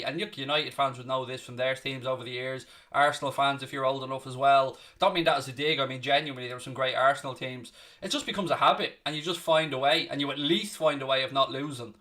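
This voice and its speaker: A man's voice: mid-range voice, bright, forceful tone, recorded from a distance. A man hosting a live football watchalong, reading out viewer questions and answering them in earnest, conversational chat while calling the match play. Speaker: watchalong host and Liverpool fan.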